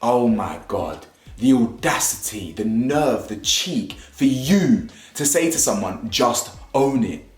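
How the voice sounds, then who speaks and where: A man's voice: medium pitch, slow, echoey room. A young man, commenting casually at home on a reality show in slangy, emphatic talk. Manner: animated, slangy, repeats himself for emphasis. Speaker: YouTuber reviewing a reality show.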